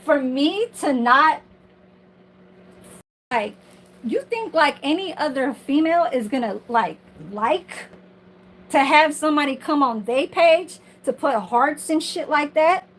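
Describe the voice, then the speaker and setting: A woman's voice: sits high, expressive, slow pace, fairly bright tone, low-quality recording. A woman ranting on her livestream from home in a casual, heated, profane and rambling way.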